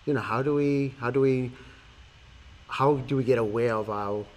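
A man's voice: medium pitch, normal speed, a little mellow. A man in a casual faith discussion who asks searching questions, repeats phrases and laughs easily.

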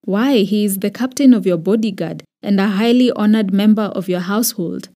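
Kenyan woman reading a humble old priest, earnest and pleading, mellow tone. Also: mid-range voice, normal speed, close to an everyday voice.

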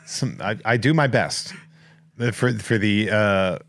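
A man hosting a podcast in casual chat, joking and rambling through listener shout-outs. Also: fairly low pitch, slow pace. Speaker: podcast host.

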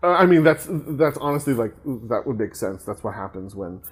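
A man's voice: mid-range voice, animated, moderate pace, husky. Chatty man rambling through a movie recap. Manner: rambling, laughs often, many fillers and restarts. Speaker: podcast co-host. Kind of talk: casual movie recap chat.

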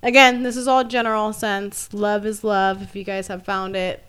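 A woman co-hosting a casual podcast chat, an animated storyteller who laughs often and swears freely. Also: mid-range voice, moderate pace. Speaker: podcast co-host.

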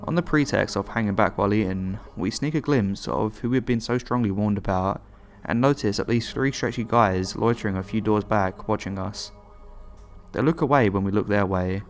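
Low-voiced man narrating horror stories. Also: moderate pace, faint music behind. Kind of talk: scripted horror story narration.

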